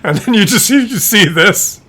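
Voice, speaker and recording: Lively, bright-voiced middle-aged man. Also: sits high, normal speed, breathy edge. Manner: animated, laughs often, acts out voices. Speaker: content creator. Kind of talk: casual storytelling vlog.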